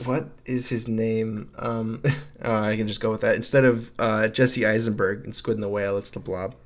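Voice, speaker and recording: A man's voice: on the low side, flat delivery, normal speed. A young man co-hosting a casual podcast, joking crudely and giggling. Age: young adult. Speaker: podcast co-host. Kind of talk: casual chat.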